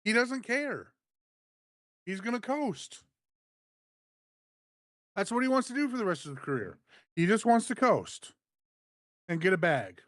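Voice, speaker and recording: A man's voice: sits high, sing-song, a little slow, long pauses, a bit bright, no echo. A man co-hosting a wrestling review show, dry, sarcastic and scornful. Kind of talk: casual review chat.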